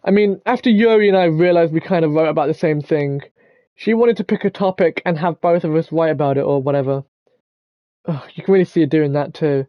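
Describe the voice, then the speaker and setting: Young man, let's-play commentary, blunt and sweary, high voice, muffled lo-fi mic. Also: fairly quick, dry recording. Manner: swears freely, jokey and blunt. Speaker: gaming YouTuber.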